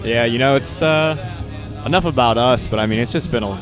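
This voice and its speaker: Low-voiced teen student broadcaster, man. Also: fairly even intonation, brisk. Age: teens. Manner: rambling, filler-heavy, joking. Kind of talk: casual live commentary chat. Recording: music playing behind.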